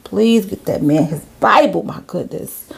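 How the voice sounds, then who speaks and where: A woman's voice: medium pitch, measured pace, creaky. A woman hosting her channel, chatting casually and reading messages aloud with chatty asides and rhetorical questions. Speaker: channel host.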